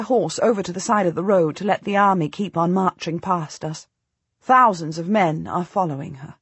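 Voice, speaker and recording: A woman narrating a historical audiobook in the first person, measured and storytelling. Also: on the low side, a bit bright, husky, no room sound.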